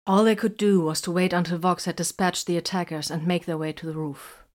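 A woman narrates a story in a measured, even way. Her voice sits a little low for a woman, and the pacing stays steady throughout the reading. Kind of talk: scripted narration.

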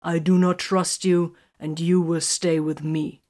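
Curt commanding soldier sergeant, voiced by a woman, low, slow and deliberate. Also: steady tone, a little mellow, natural voice. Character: stern, cool male soldier sergeant.

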